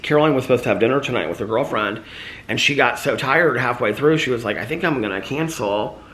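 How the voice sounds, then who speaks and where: A man's voice: mid-range voice, quick pace, a bit bright. A man vlogging casually with a slight lisp and a sore mouth after losing a tooth, rambling about his day with lots of fillers. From United States. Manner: rambling, chatty, filler-heavy. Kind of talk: casual daily vlog chat.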